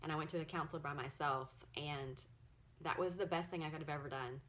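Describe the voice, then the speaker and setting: A woman in her forties sharing her personal story in a halting, earnest way, at times close to tears. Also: sits low, steady tone, a bit bright. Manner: earnest, halting, emotional, often near tears. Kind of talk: personal testimony to camera.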